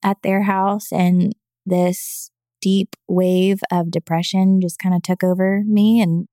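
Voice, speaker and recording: A woman's voice: fairly low pitch, flat delivery, takes it slowly, mellow, no room sound, clean studio sound. A woman telling her personal story as a podcast guest, speaking earnestly and with emotion. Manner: acts out quoted voices. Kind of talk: personal testimony in an interview.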